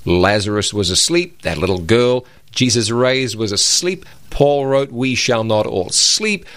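A man's voice: mid-range voice, expressive, measured pace, a bit bright, no room sound. Emphatic man preaching on a Bible show. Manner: emphatic, preacherly, quotes scripture. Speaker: co-host of a Bible program. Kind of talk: religious broadcast discussion.

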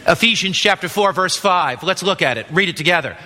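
A man's voice: sits high, lively intonation, a little fast, pushed and bright. A man preaching a sermon, emphatic and quizzing his listeners with questions. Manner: emphatic, asks the audience questions. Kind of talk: evangelistic sermon. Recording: long hall reverb.

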